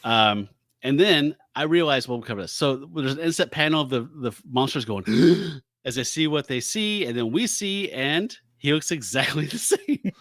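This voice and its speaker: A man co-hosting a podcast, chatting casually about a comic book and reading its dialogue aloud in quick, playful voices, laughing often. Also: on the high side, animated, fairly bright tone, dry recording. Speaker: podcast co-host.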